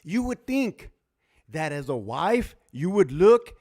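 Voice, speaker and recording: A man with a somewhat high voice rants on a casual livestream. His talk is blunt and full of profanity, and he laughs often between lines. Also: very animated, slow, a little mellow. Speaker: livestream host, former prison officer.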